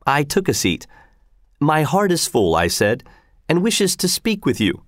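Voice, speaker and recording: A man's voice: on the high side, big pitch swings, a little slow, no echo, studio quality, voice pushed up. A man reading aloud, voicing an earnest patriot who recounts his visit with some self-satisfaction. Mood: recounting. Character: earnest, indignant male patriot envoy.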